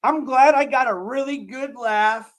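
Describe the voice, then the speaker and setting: A man hosting a live stream, ranting loudly and excitably to his chat, hoarse from losing his voice. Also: extremely high pitch, a little slow. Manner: yelling, excitable, talks straight to chat.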